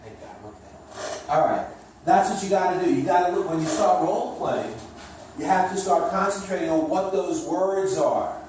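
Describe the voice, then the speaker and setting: A man's voice: high-pitched, normal speed, a little mellow, a little hiss or hum. A man coaching a trainee through a sales script, encouraging and instructive, with some joking. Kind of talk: coaching a role-play reading. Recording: echoey room, distant mic, faint ambience.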